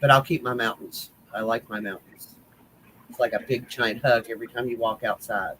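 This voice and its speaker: A crochet group admin from West Virginia tells rambling, teasing, folksy stories in a casual group chat. His medium-pitched voice is bright and forceful with fairly even intonation at a moderate pace, on a low-quality recording with slight background noise.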